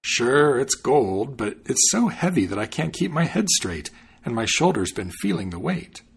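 A man's voice: mid-range voice, very animated, normal speed, gravelly, slightly rough, exaggerated voice. A man reading the part of a naive, cheerful young traveler in a storybook tale, speaking eagerly.

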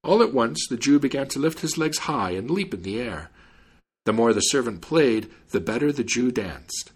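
A man reading a fairy tale aloud in an expressive, animated way. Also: medium pitch, moderate pace, slightly rough. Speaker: storyteller.

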